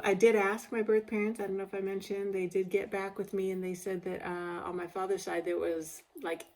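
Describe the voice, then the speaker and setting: A woman with a lowish voice and vocal fry speaks candidly in her personal video diary. This casual vlog finds her emotional and a little tearful, rambling as she goes.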